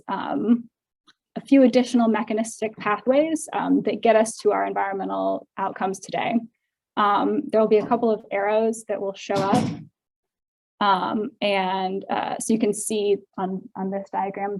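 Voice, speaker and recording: Woman, academic seminar speaker, gravelly edge, mid pitch, tired voice, many filler ums. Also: darkish tone, poor audio. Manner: frequent ums, thoughtful and explanatory. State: voice getting tired.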